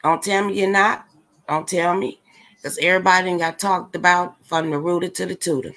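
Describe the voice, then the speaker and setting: A woman's voice: lowish voice, fairly even intonation, brisk, a bit bright. Blunt, exasperated woman ranting to viewers. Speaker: livestream commentator. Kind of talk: casual ranting commentary.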